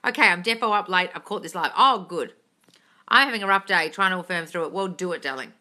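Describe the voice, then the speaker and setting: A woman's voice: on the low side, fairly quick, bright, forceful tone. A woman manifesting coach on a casual live stream, reading chat questions aloud and answering bluntly with a lot of swearing, with a slight British intonation.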